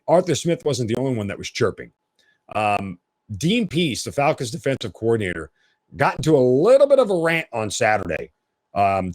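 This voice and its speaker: Male solo sports podcaster, opinionated and lively, dry booth sound. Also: mid-range voice, no room sound. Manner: animated, opinionated, blunt. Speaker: podcast host.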